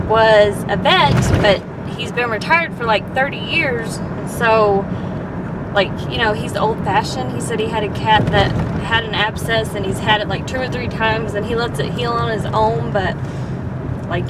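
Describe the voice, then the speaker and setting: Young woman vlogger, chatty, many fillers; mic set back, loud road noise behind. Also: a little high, normal speed, far from the mic. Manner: chatty, says "like" a lot. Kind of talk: casual storytelling vlog. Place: car, sister holding camera.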